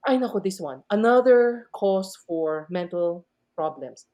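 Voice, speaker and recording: Lively Filipino woman telling stories. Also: measured pace. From Philippines. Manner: switches between English and Tagalog, acts out dialogue; lively, swooping pitch. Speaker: math professor and podcast guest. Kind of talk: animated storytelling interview.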